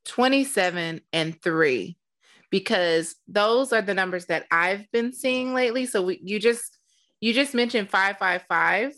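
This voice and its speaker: A woman hosting a casual interview, guiding the talk with unhurried questions. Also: medium pitch, a bit bright. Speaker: host.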